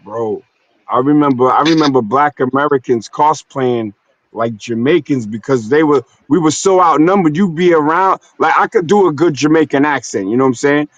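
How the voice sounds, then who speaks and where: A man from New York City chats loosely in heavy slang, leaning on filler phrases as he tells his stories. His voice sits a little high. The stream sound is muffled and dry. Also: moderate pace, no room sound. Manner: loose, slangy storytelling with frequent "you know what I'm saying". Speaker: stream host. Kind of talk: casual streamed conversation. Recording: dull, dry streamed audio.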